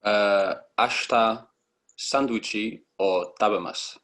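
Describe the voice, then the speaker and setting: A man taking part as a beginner student in an online language lesson, making halting, hesitant attempts at new phrases over a video call. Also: on the low side, fairly bright tone.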